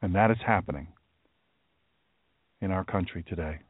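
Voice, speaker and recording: A man's voice: low voice, normal speed, husky, dry recording. A man hosting a talk radio show, speaking in a solemn, emphatic way and repeating phrases for weight. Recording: dry, narrow phone-like sound.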